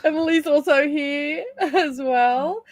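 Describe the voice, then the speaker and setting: Higher-pitched Scottish woman, dry sound. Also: slow pace, no echo. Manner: chatty, laughs often. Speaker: livestream host. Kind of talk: casual chat.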